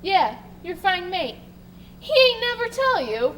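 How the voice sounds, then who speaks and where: A woman's voice: very high voice, big pitch swings, unhurried, a bit bright, heavily acted. A woman playing a bitter, rebellious male sailor with coarse, crude talk in a live stage play. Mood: persuasive. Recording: stage recording with faint noise.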